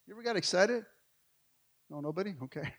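A middle-aged man preaching a sermon, with energetic delivery that swings from loud calls to hushed asides. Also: high voice, fairly quick. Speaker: pastor.

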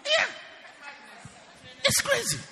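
A man preaching a sermon in a church, animated and teasing, often shouting and then dropping low. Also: slow pace, some chatter behind. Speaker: pastor. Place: church hall. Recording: long hall reverb.

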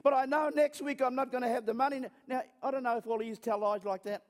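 A man's voice: very high voice, fairly even intonation, quick pace, big-room sound. A man preaching a sermon through chatty, self-mocking stories, often stopping and restarting his sentences. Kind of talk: storytelling sermon.

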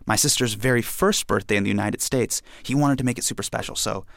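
A man from India telling a personal story, acting out the scenes with animated energy. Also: lowish voice, quick pace, creaky, dry recording, studio quality.

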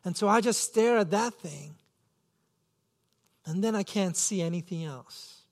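A man's voice: sits high, a little slow. A man preaching a sermon as pastor, earnest and self-questioning, acting out his own pleading thoughts.

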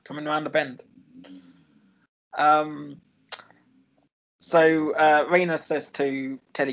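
A man's voice: a little high, flat delivery, takes it slowly, long pauses, fairly bright tone, low-quality recording. A man casually recapping a TV episode in a chatty, giggly, rambling way.

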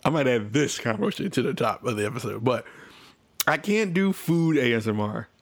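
A man's voice: mid-range voice, lively intonation, fairly quick. A young man co-hosting a casual gaming podcast, rambling loosely and laughing often. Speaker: podcast co-host. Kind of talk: casual chat.

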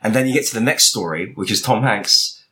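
A man's voice: on the low side, brisk, bright, forceful tone. A man co-hosting a comedy podcast, chipping in with quizzical, chuckling questions. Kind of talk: banter.

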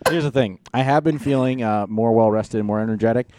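A man co-hosting a comedy podcast, telling animated stories and teasing his co-host. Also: medium pitch, fast. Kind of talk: casual comedy chat.

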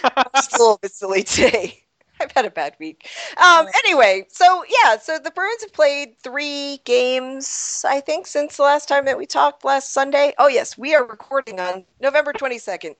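A woman's voice: sits high, lively intonation, moderate pace, fairly bright tone, no room sound. A woman hosting a casual sports podcast, giggly and rambling, often laughing at herself. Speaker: podcast host.

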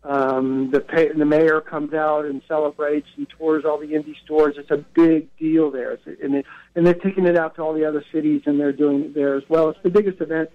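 A man's voice: fairly high pitch, little pitch movement, brisk. A man as a radio interview guest, telling stories in a chatty, anecdotal way with many self-corrections. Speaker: guest, co-founder of a record retail event. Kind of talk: radio interview, casual storytelling. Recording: dull lo-fi radio broadcast.

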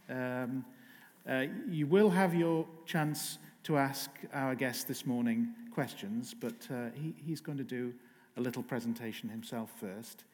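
A man opens a festival session with a polite, formal introduction that stumbles now and then. His pitch sits in the middle range, and his voice rings through a large, reverberant hall. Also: darkish tone. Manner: polite, hesitant with fillers. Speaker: session chair.

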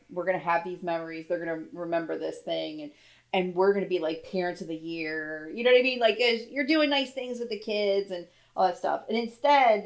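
A woman in her forties with a middle-pitched voice, telling family stories as a podcast co-host. She rambles along chattily and breaks into laughs. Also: poor audio. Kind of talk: casual storytelling chat.

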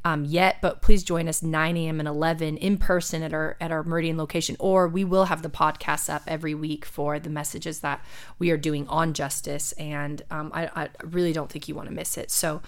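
A woman's voice: low-pitched, little pitch movement, a little fast, clean tone. A woman hosting a church podcast as a young adults pastor, talking in a casual way, emotional and near tears. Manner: warm, tearful, laughing softly.

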